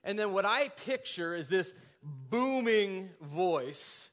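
A man's voice: high-pitched, animated, takes it slowly, few pauses, a bit bright. A man preaching a sermon as a pastor, talking conversationally and acting out scripture quotes in dramatic voices.

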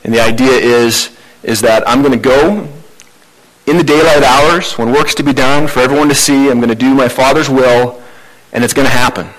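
A man's voice: medium pitch, fairly even intonation, moderate pace, rough recording. A man preaching a sermon in a conversational, informal way. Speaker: pastor.

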